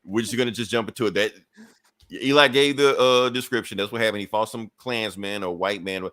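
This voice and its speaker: A man with a fairly low, pushed, bright voice talks fairly quickly. Co-hosting a podcast, he casually recaps a comic book plot in loose, profane phrasing, saying "you know" a lot and chuckling between points.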